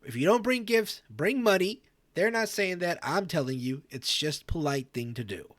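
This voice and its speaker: A man's voice: a little high, expressive, normal speed, fairly bright tone, no room sound. A man playing a goofy talk show host in a role-play game, joking around in casual banter with frequent stammered restarts. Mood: easygoing banter.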